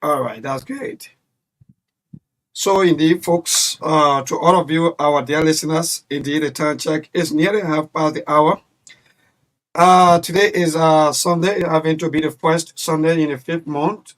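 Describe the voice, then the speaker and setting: Man, high voice, radio talk host, animated, emphatic, rambling.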